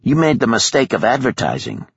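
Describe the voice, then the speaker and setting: A man voicing a calm, commanding male kidnapper who speaks formally without contractions. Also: mid-range voice, brisk, gravelly, husky, dry recording, dull audio, pitched above the performer's own voice, heavily acted. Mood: cold, commanding.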